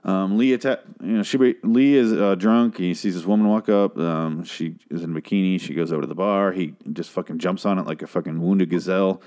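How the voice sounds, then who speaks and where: A man's voice: sits low, a little fast, few pauses, darkish tone. A man casually recapping a TV episode, rambling, sarcastic and swearing freely.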